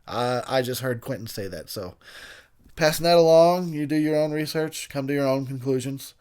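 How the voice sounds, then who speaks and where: A man's voice: medium pitch, moderate pace, darkish tone, clean tone. Rambling, tipsy man doing movie commentary. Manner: rambling, profane, laughs often, loses track of names. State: intoxicated. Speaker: film commentator.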